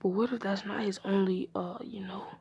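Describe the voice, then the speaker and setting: A woman's voice: medium pitch, steady tone, normal speed, gravelly, dark tone, slightly rough. A woman voicing a dutiful male ninja officer who is polite and wary and often drops his voice.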